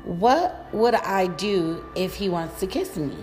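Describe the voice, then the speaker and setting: A woman's voice: on the low side, normal speed, darkish tone, long reverb tail, soft background music, lightly acted. A woman voicing a shy, nervous young woman before her first date in a read-aloud story. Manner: hesitant and anxious.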